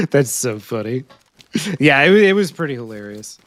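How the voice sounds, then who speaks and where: American guy live streaming a game, laughs a bunch, talks to himself looking for loot, bouncy lively pitch. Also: dry recording. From United States. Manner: chatty, laughs often, talks to himself while looting. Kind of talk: live gameplay commentary to chat.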